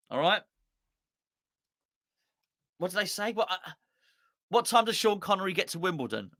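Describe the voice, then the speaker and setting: Bright, chatty man hosting. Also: sits high, very animated, moderate pace, pauses often. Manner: rambling, chatty, correcting himself often. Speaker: host. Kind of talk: casual live-stream chat.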